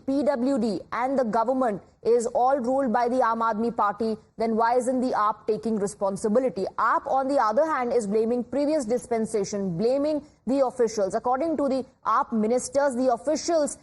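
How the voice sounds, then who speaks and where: A woman with an Indian English accent anchoring a TV news bulletin in a measured, formal way. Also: fairly high pitch, darkish tone. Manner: measured, formal newsreading with occasional fillers.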